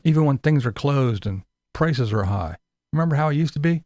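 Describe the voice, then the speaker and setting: A man's voice: medium pitch, expressive, brisk, a little mellow, no room sound, clean studio sound. A man giving a sarcastic, profane commentary rant as a vlogger.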